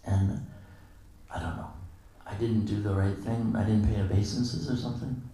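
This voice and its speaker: A man's voice: on the low side, fairly even intonation, moderate pace, warm tone. A man giving a casual, anecdotal morning lecture at a temple, acting out the dialogue of his stories with chuckles. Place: temple hall. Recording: very echoey hall, distant mic.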